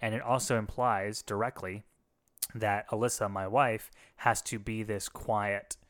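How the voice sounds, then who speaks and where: A man's voice: on the low side, fairly even intonation, unhurried, a bit bright. A man, a former pastor, talking candidly and reflectively in a casual conversation, with frequent restarts. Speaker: podcast co-host, former pastor.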